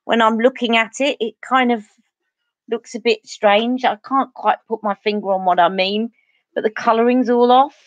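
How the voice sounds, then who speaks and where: A woman's voice: a little high, fairly even intonation, normal speed, dry recording. Cockney lady from east london rambling on a makeup livestream, chatty, dead dry sound. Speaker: beauty vlogger host. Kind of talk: casual chat during livestream makeup.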